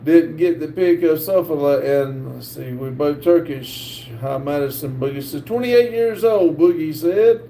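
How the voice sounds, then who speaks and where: A middle-aged man with a North Carolina accent hosts a live stream and reads viewer comments aloud, halting often with "uh". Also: fairly high pitch, vocal fry, mellow. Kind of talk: casual live-stream chat. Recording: echoey room with faint background hiss.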